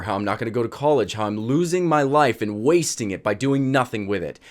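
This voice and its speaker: A man telling a personal story for his vlog in a lively, animated way. His voice swings up and down as he narrates, and he breaks into laughter often. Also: medium pitch.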